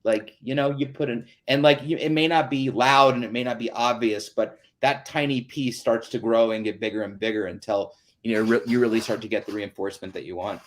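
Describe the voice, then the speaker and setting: A man's voice: medium pitch, steady tone, fairly quick, hardly any pauses. A man hosting an online town hall, talking in an earnest, chatty way with many fillers over a video call. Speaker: host.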